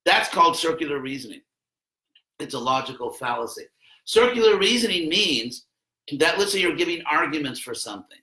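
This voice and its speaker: Bright, animated man teaching philosophy. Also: on the high side, brisk, echoey room, rough recording. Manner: conversational, jokey asides, acts out quotes with a raised voice. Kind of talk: informal philosophy lesson to students. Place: classroom.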